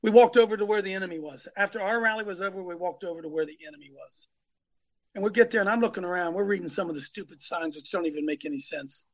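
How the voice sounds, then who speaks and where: A man's voice: high voice, fast talker, highs cut off. A man preaching emphatically as host of a live talk show, repeating his points and calling on co-hosts by name. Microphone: phone.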